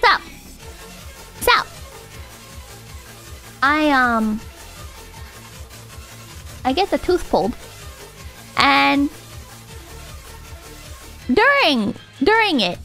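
A woman streamer with a very high voice tells a story in a loose, rambling way. She swears freely and breaks into giggles, and her pitch swings widely. Faint music plays underneath. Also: big pitch swings, takes it slowly, long pauses, fairly bright tone. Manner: rambling, profane, giggly, with frequent restarts. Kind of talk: casual livestream storytelling.

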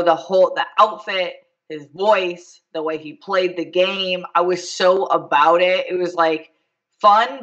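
A man talking as a panel guest, gushing and quick to laugh. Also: high voice, highs cut off. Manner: gushing, animated, laughs easily. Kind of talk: casual panel chat.

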